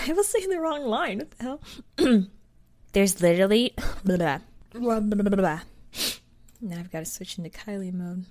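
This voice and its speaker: A woman's voice: on the low side, expressive, moderate pace, a little mellow, dry recording. A woman with a stuffy nose recording spoof lines, muttering to herself between takes. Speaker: podcast co-host reading spoof lines. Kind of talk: casual blooper outtakes.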